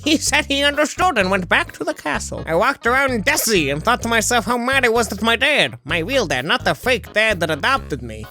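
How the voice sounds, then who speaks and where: A man voicing Skeletor, a skull-faced male cartoon villain sorcerer, reading in a flat, hammy way. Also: very high-pitched, brisk, hardly any pauses, faint music behind, voice pushed up, full character voice. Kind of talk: comedic reading of fan fiction.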